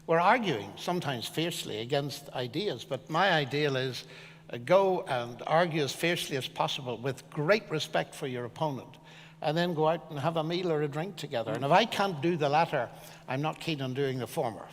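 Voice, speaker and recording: An older man from Ireland, a guest speaker answering questions on stage in an earnest, measured, emphatic way. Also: on the high side, lively intonation, big-room sound. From Northern Ireland. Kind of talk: public discussion on stage.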